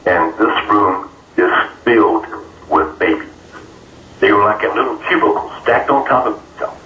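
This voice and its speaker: A man being interviewed, telling a personal story in an earnest, halting way with many fillers. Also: lowish voice, lively intonation, sharp tone. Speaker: interview guest. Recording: roomy, distant mic, faint noise.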